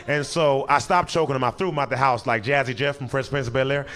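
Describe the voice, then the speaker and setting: A young adult man telling a story in stand-up style, animated and often laughing at his own jokes. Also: mid-range voice, fast talker, few pauses. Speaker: stand-up comedian.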